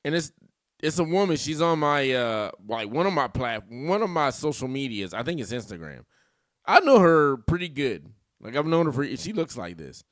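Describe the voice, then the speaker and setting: A man from Washington state hosting a reaction video, talking in a loud, slangy, joking way and laughing often. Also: medium pitch, big pitch swings, normal speed, no room sound, studio quality. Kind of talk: casual commentary.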